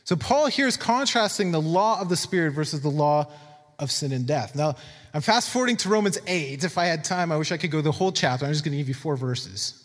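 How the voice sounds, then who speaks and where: High-voiced preacher in a reverberant hall. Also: male voice, expressive, a little fast. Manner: conversational, reads scripture aloud with emphatic asides; repeats words for emphasis. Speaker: pastor. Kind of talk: sermon.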